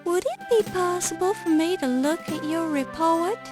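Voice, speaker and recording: A woman's voice: very high-pitched, moderate pace, over music. An actress playing a young, determined woman newspaper reporter in a video game, polite but firm. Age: young adult.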